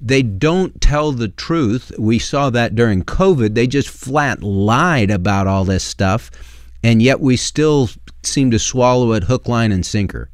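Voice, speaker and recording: A man's voice: mid-range voice, expressive, measured pace, no echo, studio quality. A man hosting a call-in radio show, speaking earnestly and plainly and taking callers.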